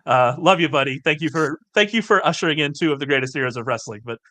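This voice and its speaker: Man, podcast host, casual chat, bright voice, slightly high pitch, enthusiastic and talkative. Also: fast talker. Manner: chatty, enthusiastic, laughs easily.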